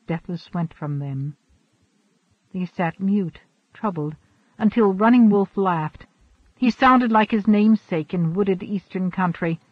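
A man narrating an audiobook in a steady, expressive storytelling manner. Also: sits high, slow, no echo. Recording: dull, dry recording.

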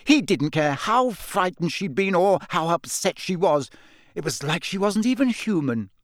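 A man's voice: high voice, sing-song, a little slow, dry recording, clean studio sound, pitched above the performer's own voice. A man doing a fiery, indignant teenage girl. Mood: furious. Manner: heated and insistent.

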